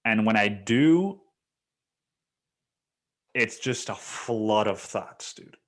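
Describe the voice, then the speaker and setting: A young man hosting a solo podcast, talking in a rambling, profane, confessional way, full of "dude" and "man," swinging between loud bursts and near-whispers. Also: fairly low pitch, animated, drawn-out words. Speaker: podcast host.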